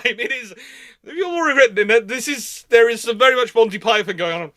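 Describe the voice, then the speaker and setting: A man presenting naval history in an enthusiastic, animated, informal lecture. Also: very high-pitched, brisk. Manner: enthusiastic, animated storytelling with frequent restarts.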